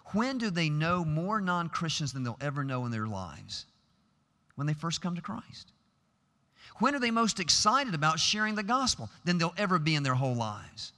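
Middle-aged guy preaching, bright forceful voice, bit high, big echoey chapel. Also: very animated, a little fast, few pauses. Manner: earnest, emphatic, builds to rhetorical questions. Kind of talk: sermon. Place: large chapel. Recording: long hall reverb.

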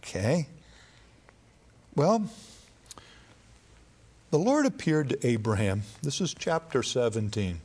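A man preaching a sermon in a relaxed, conversational storytelling way, with occasional fillers. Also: medium pitch, slow pace, pauses often, breathy edge.

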